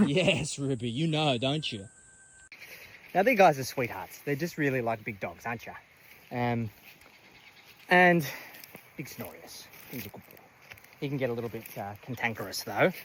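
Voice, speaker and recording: A man's voice: fairly high pitch, poor audio. A man giving a casual, rambling tour of his animal sanctuary outdoors. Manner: chatty, rambling with many fillers. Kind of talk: casual walking tour vlog. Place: outdoors at a farm paddock.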